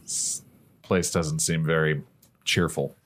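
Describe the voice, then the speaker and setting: A man with a very deep voice plays in a tabletop game and talks casually. He drops dry, wry asides. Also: steady tone, slow pace, a bit bright. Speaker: player.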